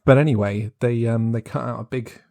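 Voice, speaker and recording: A man's voice: medium pitch, fairly quick, gravelly, dark tone, no room sound. A man co-hosting a podcast, talking things over in a thoughtful, detailed way. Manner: thoughtful, detailed, reads quotes from scripts. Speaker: podcast co-host. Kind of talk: casual discussion.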